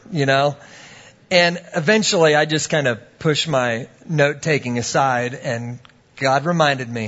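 Storytelling preacher, higher male voice. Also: normal speed, a bit bright, lo-fi sound. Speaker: pastor. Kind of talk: sermon.

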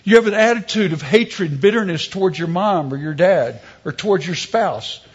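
High, husky-voiced man preaching. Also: lively intonation, normal speed, dull audio. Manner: storytelling with humor, emphatic preaching. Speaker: pastor. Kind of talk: sermon.

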